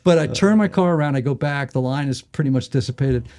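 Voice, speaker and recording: A fast-talking middle-aged author with a mid-range voice tells animated stories as a guest in conversation. He's lively and performs the voices of the people in his anecdotes.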